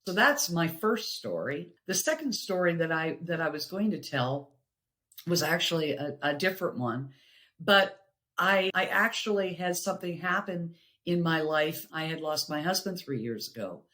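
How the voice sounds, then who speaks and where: A middle-aged woman, a podcast guest, sharing personal stories in an earnest, reflective way, with pauses and restarts. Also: on the low side, lively intonation, bright, forceful tone.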